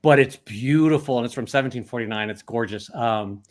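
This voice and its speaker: A male cartoonist chatting casually from his art studio over a webcam video call, animated and self-deprecating. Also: mid-range voice, brisk. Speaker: guest cartoonist. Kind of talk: casual chat.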